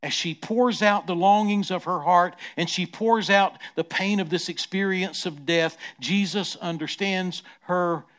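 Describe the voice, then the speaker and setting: A middle-aged pastor delivers a sermon, shifting between hushed, gentle stretches and loud, forceful ones, repeating words as he builds momentum. His voice is high-pitched and a touch slow, with few pauses.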